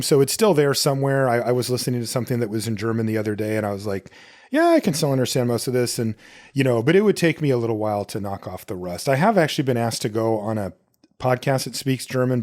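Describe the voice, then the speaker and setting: A man's voice: mid-range voice, a little mellow. Guy hosting a podcast solo, rambly storytelling, keeps restarting his sentences. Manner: rambling, self-correcting storytelling. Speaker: podcast host. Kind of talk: casual solo podcast talk.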